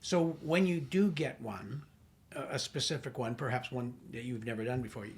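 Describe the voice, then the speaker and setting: A man's voice: mid-range voice, moderate pace. Male podcast host, short encouraging replies. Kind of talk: casual interview chat.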